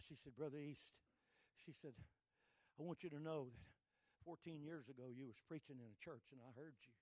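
Guy preaching, goes soft then real loud, dry close sound. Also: medium pitch, dry recording. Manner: swings from hushed to shouting with excitement. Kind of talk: sermon storytelling.

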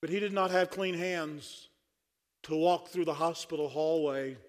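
A man's voice: fairly high pitch, a little slow. A man preaching a sermon at a conference, fervent and dry-humored. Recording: long hall reverb.

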